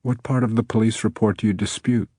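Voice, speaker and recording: A male audiobook narrator voicing a composed young woman who asks soft, measured questions. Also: on the low side, steady tone, no room sound, studio quality, pitched above the performer's own voice, lightly acted. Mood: probing.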